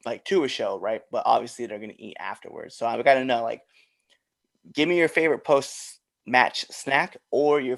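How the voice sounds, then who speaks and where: A man's voice: medium pitch, vocal fry. A man hosting a wrestling podcast, laid-back and laughing a lot in casual chat.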